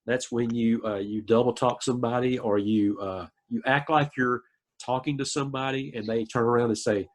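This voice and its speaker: A man's voice: medium pitch, steady tone, moderate pace. A man hosting a podcast, chatting casually, laughing along and jumping in to finish stories. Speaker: podcast host. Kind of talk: casual chat.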